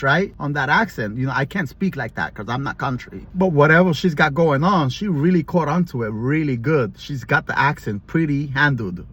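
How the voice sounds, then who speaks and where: A man's voice: a little high, moderate pace, hardly any pauses, fairly bright tone, slightly rough. A man telling a long, rambling story to camera as a vlogger, with frequent restarts and fillers. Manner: talks in long run-on stretches with restarts and fillers.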